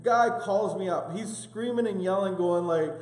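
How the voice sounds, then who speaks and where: A man leads a church class in a loose, conversational way, wandering through stories with plenty of fillers and self-mockery. His voice sits somewhat high, and the echoey hall gives it a long ringing tail. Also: normal speed. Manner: rambling, self-deprecating, many fillers. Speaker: church small-group leader. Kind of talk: casual teaching talk with personal stories. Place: church meeting room.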